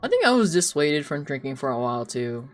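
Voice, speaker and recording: A woman's voice: sits low, a little fast, soft background music. Giggly young woman chatting on stream. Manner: giggly, animated storytelling. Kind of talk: casual chat while drawing on stream.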